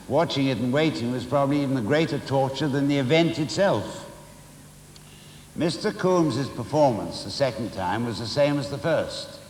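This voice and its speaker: A man reading a memoir aloud with expressive, dramatic storytelling and occasional asides. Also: medium pitch. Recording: roomy hall reverb.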